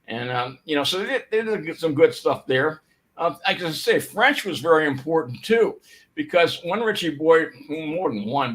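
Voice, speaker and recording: An older man speaks in a voice a little higher than most men. He tells his stories loosely, circling back with restarts and fillers. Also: a bit bright, rough recording. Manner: storytelling, rambling with fillers and restarts. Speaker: speaker giving a history talk. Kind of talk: informal history talk.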